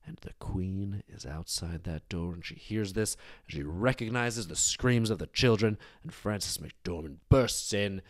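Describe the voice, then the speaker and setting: A man hosting a storytelling show, narrating a dark tale casually with wry, digressive asides. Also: low-pitched, a little slow, few pauses, dry recording, studio quality. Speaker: storyteller host.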